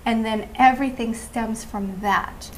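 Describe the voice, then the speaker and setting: A woman guest who teaches sensuality, answering calmly and often affirming with "absolutely". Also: a little high, unhurried, slight background noise. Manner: calm, affirming, repeats "absolutely". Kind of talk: interview answers.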